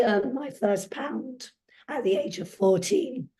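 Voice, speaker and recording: A woman with a croaky voice, telling candid stories as a podcast guest. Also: a little high, lively intonation, slow, warm tone, slight background noise. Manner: candid, anecdotal storytelling. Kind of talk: casual interview.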